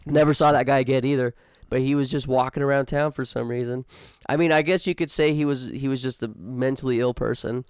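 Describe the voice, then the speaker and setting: A man's voice: mid-range voice, steady tone, a little fast, clean tone, no room sound, studio quality. A man co-hosting a casual podcast, telling stories in a laid-back way and calling his friends dude and man. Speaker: podcast co-host. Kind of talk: casual chat.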